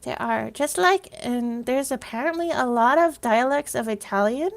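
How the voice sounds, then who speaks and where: A woman's voice: sits high, lively intonation, moderate pace, creaky. A woman livestreamer chatting casually with viewers, rambling and sometimes trailing off into whispers.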